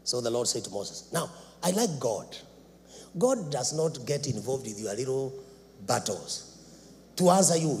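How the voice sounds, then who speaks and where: A man preaching a sermon in a church, dramatic, swinging between loud shouts and low asides. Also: very animated, measured pace, pauses often. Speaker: apostle preaching. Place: church sanctuary. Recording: reverberant church hall, faint background noise.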